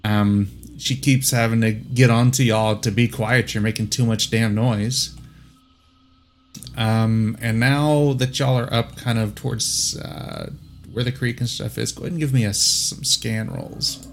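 A man's voice: medium pitch, measured pace, vocal fry. A man narrates a tabletop game as its game master. He talks easily, trailing off and restarting with plenty of ums. A faint hiss of noise sits under his voice. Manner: relaxed, with many ums and restarts.

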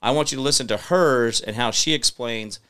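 Smooth-voiced man hosting a live stream. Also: mid-range voice, normal speed, a bit bright. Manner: rambling, emphatic, many fillers and restarts. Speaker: show host. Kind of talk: live-stream commentary reading viewer comments.

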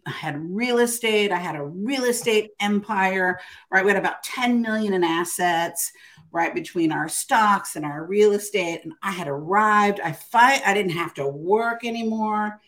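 A woman's voice: mid-range voice, a little slow, fairly bright tone. An older woman, an author and interview guest, telling her story in a casual, emphatic way and often tagging her sentences with "right?". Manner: emphatic, keeps adding "right?".

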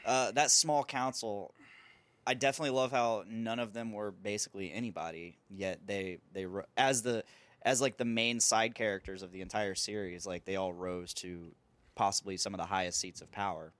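A man's voice: fairly low pitch, steady tone, moderate pace, a bit bright, no room sound. A man in casual chat, laid-back and laughing often.

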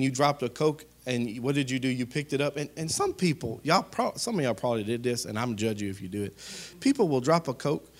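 A man preaching a sermon as pastor, talking straight to his congregation in a conversational way, rising to loud emphatic peaks and dropping to quiet asides. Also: mid-range voice. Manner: conversational, addresses the congregation directly.

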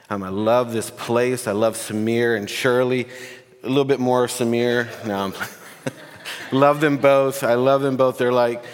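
A man gives a sermon in a casual, warm-hearted way, joking and getting emotional with the congregation. His voice carries a long reverb from the church hall. He sits at a mid pitch. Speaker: guest preacher. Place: church sanctuary.

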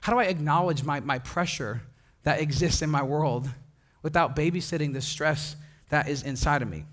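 Preaching a casual sermon, this young man from Wisconsin speaks at a moderate pace in a slightly high voice. The pastor weaves in stories with lots of laughter, animatedly taking on the voices of the people he describes.

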